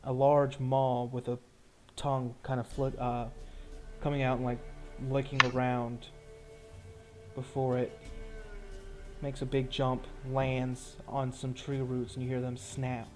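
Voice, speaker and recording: Young man, dungeon master, bright flat delivery, halting narration. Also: medium pitch, soft background music. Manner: halting, searching for words with many fillers. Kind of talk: narrating a tabletop game.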